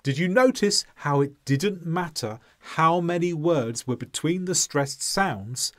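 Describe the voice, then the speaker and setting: A man delivers a scripted English lesson at an unhurried pace. His slightly high voice swings widely in pitch as he stresses each key word deliberately. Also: expressive, fairly bright tone. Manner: slow, deliberate, clearly stressed delivery with modelled example sentences. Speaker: English teacher.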